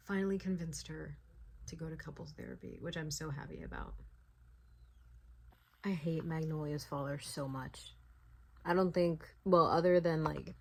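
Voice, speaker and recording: Young woman, low voice, casual reading vlog, animated ranting, lots of fillers, faint room hum. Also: gravelly. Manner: animated, ranting reactions with frequent "like" fillers and swearing. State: sleepy late at night. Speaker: book vlogger.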